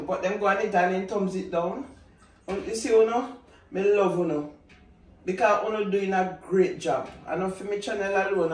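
A man's voice: high-pitched, reverberant, distant mic, rough recording. A man with a Jamaican accent, hosting a casual cooking vlog and chatting to viewers in patois. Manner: chatty, gives shout-outs in patois. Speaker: cooking channel host.

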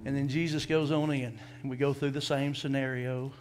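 A man preaching a sermon as pastor, animated, acting out scripture voices and asking the congregation questions. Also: medium pitch, fairly quick.

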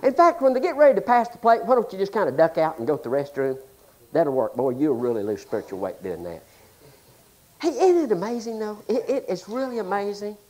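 A man preaching a humorous sermon in a folksy, joking way, swinging between loud exclamations and hushed asides. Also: sits high, animated, a little fast. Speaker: pastor.

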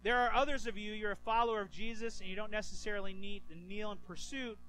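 A man preaching a sermon as pastor, animated and acting out the people in his stories. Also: high-pitched, fast talker, soft background music, poor audio. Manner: animated, acts out quoted voices.

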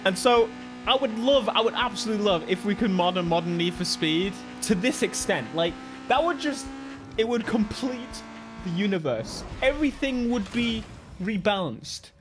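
A young British man giving excitable, joking gameplay commentary with frequent laughter. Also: high-pitched, normal speed, background noise. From Britain. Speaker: gaming YouTuber. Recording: music from the game behind.

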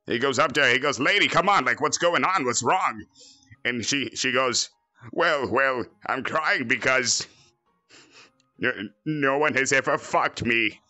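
A man's voice: medium pitch, slow pace, pushed and bright, no echo, soft background music. A man voicing a cocky, crude male android villain in a fan parody, boastful and joking.

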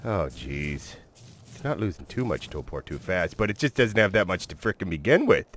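This gaming channel host has a low-pitched voice and talks at normal speed. His let's-play commentary is excitable and mildly profane, aimed at his viewers as well as the creatures he tames.

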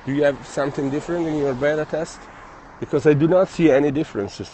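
A man's voice: fairly high pitch, fast talker, dark tone. Man, phone livestream outdoors, out of breath, chatty, faint street noise behind. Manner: reads viewer comments aloud and thanks them. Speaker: livestream host. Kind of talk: casual livestream chat while walking.

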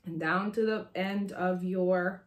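A woman's voice: fairly low pitch, fairly even intonation, takes it slowly. A woman in her thirties with a sore, strained throat, chatting casually through a home sewing tutorial with lots of "um"s and side stories. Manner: chatty and rambling, many "um"s and asides. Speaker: sewing pattern designer demonstrating a project. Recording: echoey room.

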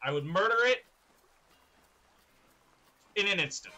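A young man streaming a game, chatting excitedly with his viewers and laughing often. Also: high voice, measured pace. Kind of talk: live-streamed gameplay chat.

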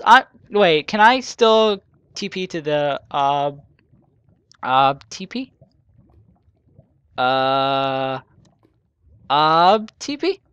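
A male gamer narrates his play in a loose, rambling way, often joking at his own expense. His voice is clear and resonant and swings widely up and down. The recording is close and dry, with no room sound. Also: high-pitched, animated, a little slow, a bit bright, no room sound. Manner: rambling, self-mocking with joking asides. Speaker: gaming channel host. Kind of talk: let's play commentary.

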